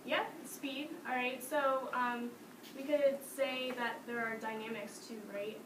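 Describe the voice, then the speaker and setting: Female music teacher, bright classroom energy, higher voice, distant noisy echoey recording. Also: measured pace. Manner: lively, sing-song demonstrations with frequent laughs. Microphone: distant camera mic.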